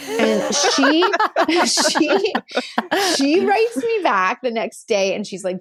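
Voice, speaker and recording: Woman chatting on a podcast, kinda high voice, lively storytelling. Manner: animated, quick-shifting storyteller. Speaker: guest, pet communicator and medium.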